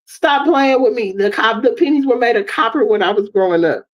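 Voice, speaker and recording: Animated woman telling stories on a livestream. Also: a little high, fairly quick. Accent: African American English. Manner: animated storytelling, acts out dialogue. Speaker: livestream host. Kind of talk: casual livestream monologue. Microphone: streaming setup mic.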